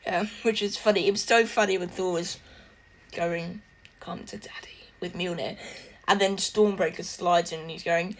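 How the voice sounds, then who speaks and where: A woman's voice: on the low side, steady tone, moderate pace. A woman giving a casual spoken film review, chatty and gushing, laughing often as she talks.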